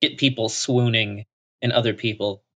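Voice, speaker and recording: A man from Texas, a podcast guest telling stories with animated, self-mocking humor. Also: lowish voice, normal speed, highs cut off. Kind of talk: casual chat.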